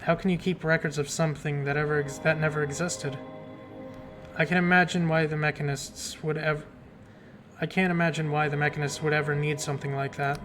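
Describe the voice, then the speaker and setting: A man's voice: a little high, level tone, brisk, a bit bright, close to an everyday voice. A man reading game dialogue aloud as a fussy, guarded older woman librarian who calls people dearie. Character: prim, jumpy older woman librarian hiding secrets. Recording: game music playing behind.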